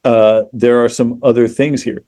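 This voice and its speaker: A man in casual podcast conversation, retelling a story in a lively, profane way, peppered with "you know" and "like.". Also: medium pitch, a little slow, dry recording. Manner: animated, profane, acts out quoted characters; frequent fillers like "you know" and "like". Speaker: podcast guest.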